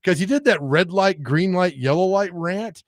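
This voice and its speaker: A man co-hosting a sports radio show, chatting casually and joking, often slipping into quick mocking impressions of other people. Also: high-pitched, lively intonation, dry recording.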